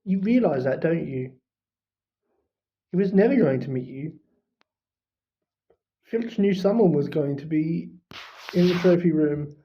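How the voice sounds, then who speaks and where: A reader voicing a bossy, clever schoolgirl with a sharp know-it-all manner, in a slightly muffled recording. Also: mid-range voice, lively intonation, measured pace, long pauses. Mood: lecturing.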